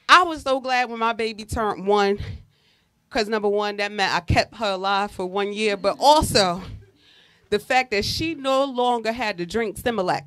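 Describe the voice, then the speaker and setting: A woman in her forties performs a stand-up set, telling animated stories about everyday life. Her voice sits high and bright, and she bursts into loud exclamations now and then. The recording is dry and close, with little room sound. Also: no room sound. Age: 40s. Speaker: stand-up comedian.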